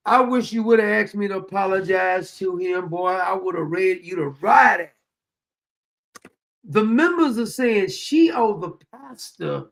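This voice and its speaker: A man hosting a talk show, giving animated, mocking commentary as he reads a statement aloud. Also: high-pitched, vocal fry. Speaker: host. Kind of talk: commentary on a news story.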